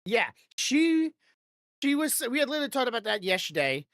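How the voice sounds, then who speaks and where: Woman podcast host rambling on, swears a lot, laughs, kinda high voice, dry sound. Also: very animated, a little fast, fairly bright tone, dry recording. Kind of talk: casual chat. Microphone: desk microphone.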